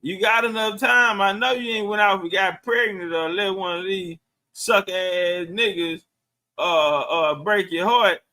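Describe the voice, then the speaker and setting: A man's voice: high voice, unhurried, pushed and bright. A middle-aged man chatting loosely on a livestream, profane and answering viewer comments. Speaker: livestream host. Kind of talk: casual livestream chat.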